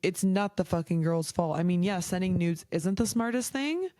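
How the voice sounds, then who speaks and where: A woman's voice: fairly low pitch, lively intonation, normal speed, warm tone, no room sound. A young woman hosting a podcast, chatting casually and frankly, heated and swearing often, with a lot of "like". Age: young adult. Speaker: podcast host. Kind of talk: casual chat.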